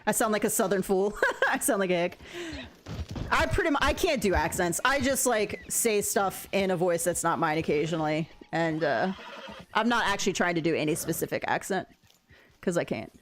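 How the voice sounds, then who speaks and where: This woman streamer is chatty and animated, walking her chat through her gameplay at a normal speed and wandering between thoughts. Her pitch moves around a lot, she laughs freely, and a little hiss or hum sits underneath.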